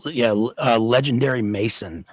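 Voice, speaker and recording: A man's voice: mid-range voice, fairly quick, no echo. A man talking casually as a podcast guest, explaining things with stumbles and restarts. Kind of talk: casual chat.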